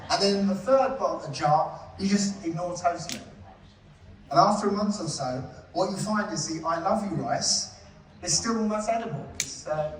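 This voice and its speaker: A man giving a live conference talk, chatty and often checking in with the audience with "yeah?" and "right?". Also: on the high side. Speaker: conference presenter. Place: conference hall. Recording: echoey hall from far off.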